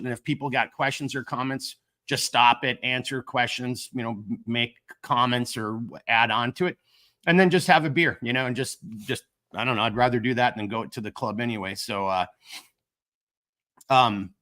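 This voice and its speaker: A middle-aged man with a Minnesotan accent hosts a casual livestream for a gear company's channel while coming down with a cold. His voice is bright, forward and medium-pitched, with fairly even intonation at normal speed, and he rambles along making self-deprecating jokes.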